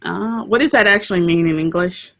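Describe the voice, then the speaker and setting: Chatty lower-voiced woman co-host. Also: brisk, creaky. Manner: chatty, laughs often, trails off mid-sentence. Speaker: co-host of a book show. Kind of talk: casual chat.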